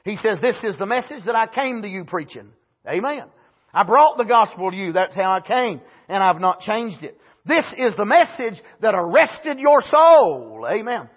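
A male preacher giving a sermon in church, stressing his points with frequent "amen"s, moving between loud, near-shouted emphasis and quiet explanation. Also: high voice, very animated, moderate pace, breathy edge. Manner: emphatic, punctuates phrases with "amen". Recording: dull lo-fi sermon recording.

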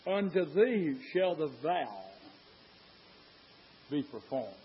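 A man preaching a sermon in church, fervent and rising to shouts, firing rhetorical questions at the congregation. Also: on the high side, very animated, takes it slowly, a little hiss or hum. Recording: dull lo-fi sermon recording.

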